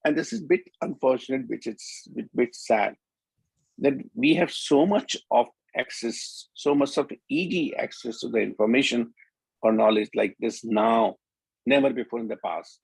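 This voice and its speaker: An older man with an Indian English accent gives an emphatic, explanatory talk on a conference panel. His voice is husky and slightly breathy, set at a middle pitch. The sound is dry and close. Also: moderate pace, no room sound, poor audio. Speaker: doctor speaking on a panel.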